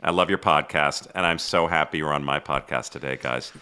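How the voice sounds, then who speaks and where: A man's voice: extremely low pitch, brisk, pushed and bright, smooth. A man hosting a podcast, effusive and exclamatory. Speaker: podcast host. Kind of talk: casual chat. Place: studio.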